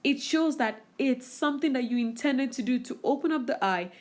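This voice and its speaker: A woman's voice: high voice, normal speed. A woman narrating her makeup tutorial over the footage, walking viewers through each step with enthusiasm. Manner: instructive, enthusiastic. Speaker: beauty vlogger.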